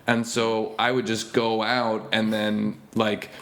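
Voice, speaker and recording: Animated young comedian telling stories. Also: male voice, slow pace. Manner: animated storyteller, acts out quoted voices in a higher pitch. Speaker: comedian guest. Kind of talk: casual podcast storytelling. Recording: roomy echo.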